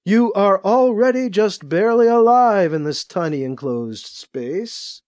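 A man voicing a sinister alien who slowly taunts a trapped man, repeating himself with creeping menace. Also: high-pitched, animated, darkish tone, voice pushed up. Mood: taunting. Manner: slow, creeping, repetitive menace.

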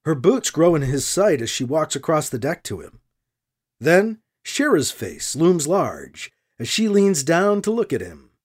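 Man narrating an animated sci-fi story. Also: fairly high pitch, a little slow, slightly rough. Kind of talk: audiobook narration.

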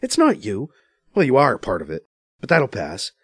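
A man voicing a grieving, sharp-tongued young woman scientist, in a high, strained and emotional voice. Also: wildly swooping pitch, normal speed, breathy edge, no room sound, clean studio sound. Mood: distraught.

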